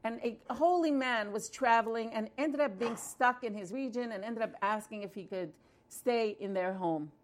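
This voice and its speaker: A woman's voice: fairly high pitch, moderate pace, a little hiss or hum. A woman telling a story in a conversational way, with fillers and restarts. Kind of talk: storytelling talk.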